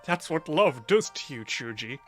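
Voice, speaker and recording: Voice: medium pitch, lively intonation, moderate pace, fairly bright tone, faint music behind. A player voicing a sly, teasing companion who coaxes a friend to keep reading. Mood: coaxing. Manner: teasing, theatrical, coaxing. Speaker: player character. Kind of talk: in-character banter in a tabletop game.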